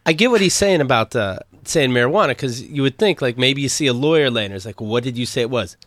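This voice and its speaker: A man hosting a casual chat, joking and asking quick questions. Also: medium pitch, animated, a bit bright, no room sound.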